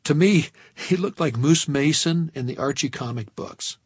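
A man narrating an audiobook in a wry, measured storytelling manner, recorded close to a studio microphone. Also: a little high, slightly rough, no room sound.

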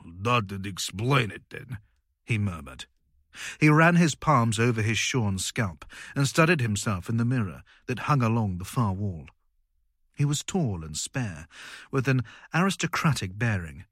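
A man reading a story aloud in a measured, dramatic way. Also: medium pitch, animated, fairly bright tone, breathy edge, no room sound, clean studio sound. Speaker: audiobook narrator. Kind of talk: scripted narration.

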